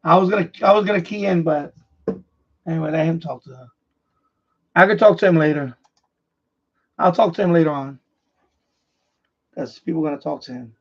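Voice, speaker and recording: A man's voice: on the high side, normal speed, pauses often, muffled recording. A man hosting an amateur radio livestream, chatting casually and rambling, often restarting and repeating himself. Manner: repetitive, restarts sentences often.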